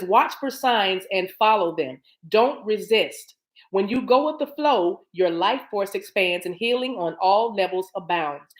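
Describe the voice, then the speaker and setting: Woman, live-stream card reader, reads cards aloud and riffs to viewers, mid pitch. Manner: chatty and familiar, addresses viewers as y'all.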